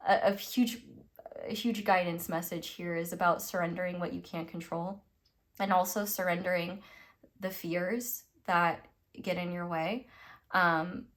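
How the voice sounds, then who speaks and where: A woman's voice: fairly low pitch, a bit bright. A young woman from the United States giving a casual, rambling tarot reading, full of fillers and little laughs. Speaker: tarot reader.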